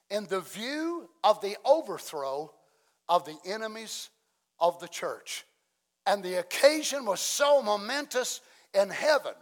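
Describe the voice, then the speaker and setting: A man preaching a sermon in a folksy way, asking the congregation many questions and swinging between loud exclamations and soft asides. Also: high voice.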